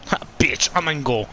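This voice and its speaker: A man commenting on his own gameplay, swearing a lot and swinging between loud outbursts and low muttering. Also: a little hiss or hum. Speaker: gamer.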